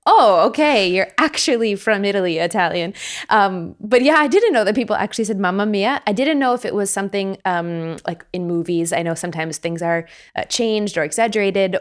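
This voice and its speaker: A young woman with an American accent hosts a relaxed conversation. Her voice sits at an ordinary middle pitch, and she talks freely, often pausing to rephrase herself. Her laughter comes easily between thoughts. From United States. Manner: chatty, self-correcting, laughs often. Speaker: host. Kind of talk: casual chat.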